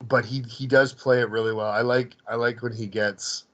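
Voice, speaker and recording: A man's voice: mid-range voice, steady tone, moderate pace, fairly bright tone, dull audio. A man co-hosting a podcast, chatting casually about a comedy film, rambling with frequent restarts. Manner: rambling with frequent restarts, laughs while recounting. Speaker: podcast co-host. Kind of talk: casual movie discussion.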